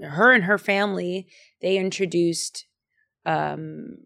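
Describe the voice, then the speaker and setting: Playful, animated young woman host. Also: on the low side, slow pace, vocal fry. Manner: animated, playful teasing, acts out quotes. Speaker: podcast host. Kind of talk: casual chat.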